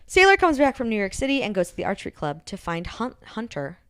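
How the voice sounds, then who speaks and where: A woman's voice: fairly high pitch, sing-song, fast talker, fairly bright tone, no echo, clean studio sound. A woman in casual podcast chat, recapping a novel's plot in a loose, chatty way full of "like" and the odd swear word.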